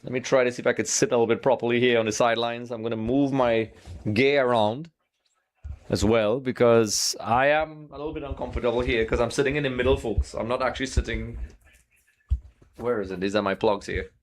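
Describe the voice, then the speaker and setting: A man's voice: medium pitch, steady tone, brisk, no room sound. A man hosting a live football watch-along stream, chatting casually with viewers and calling them folks while he sets up graphics.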